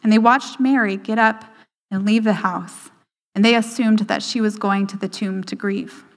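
A woman giving a sermon, slowing down for emphasis and dropping to a hushed voice for quoted lines. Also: medium pitch, steady tone. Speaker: speaker at a church service. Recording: hall reverb.

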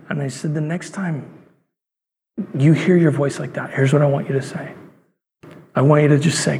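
A man in his thirties preaches a sermon, telling a story and acting out its voices. His voice sits a little high and has a husky edge. A long reverb hangs behind him, as in a church hall. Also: little pitch movement, normal speed, pauses often, mellow. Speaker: pastor.

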